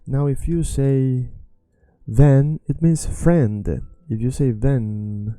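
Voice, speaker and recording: Dark mellow voiced guy teaching a language lesson, repeats words over n over, dry sound, faint music behind. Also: mid-range voice, steady tone, no echo. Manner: emphatic, repeats words slowly.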